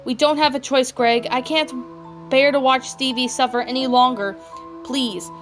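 A woman's voice: high-pitched, fairly even intonation, moderate pace, close to an everyday voice. A woman doing a tearful pleading young woman. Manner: distressed, pleading. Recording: music playing underneath.

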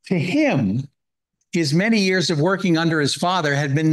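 Earnest male preacher, fairly high voice. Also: fairly quick, poor audio. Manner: earnest, reads and explains scripture verse by verse. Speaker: guest speaker at a Bible hour. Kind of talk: sermon.

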